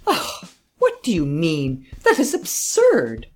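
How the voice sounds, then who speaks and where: Woman doing a cranky judge, higher and louder than her narration, keeps demanding answers. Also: big pitch swings, normal speed, faint music behind. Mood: exasperated. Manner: incredulous, demanding questions. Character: exasperated male judge, stern and impatient.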